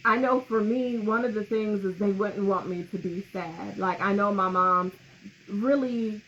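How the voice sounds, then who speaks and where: Hosting a grief podcast alongside a co-host, this bright-voiced woman talks at a measured pace in a mid-range voice. She's candid and emotional, laughs a lot, and reads out comments, all on a slightly muffled recording with faint noise behind it.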